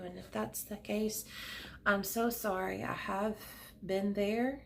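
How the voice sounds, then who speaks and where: Slow, gentle, gravelly-voiced woman reader. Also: medium pitch, fairly even intonation, slight background noise. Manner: gentle, emotional, soothing, speaks slowly with soft pauses. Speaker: tarot card reader. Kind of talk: pick-a-card tarot reading. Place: home room at a desk.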